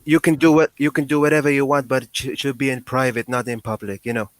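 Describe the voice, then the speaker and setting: A man's voice: mid-range voice, level tone, fast talker, dry recording. A man calling in to a live show, blunt and provocative in casual chat. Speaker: caller.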